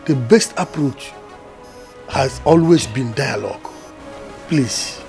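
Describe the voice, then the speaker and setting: An actor playing a calm, persuasive pastor, counselling peace. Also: male voice, mid-range voice, vocal fry, faint music behind. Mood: pleading. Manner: pleading, measured counsel.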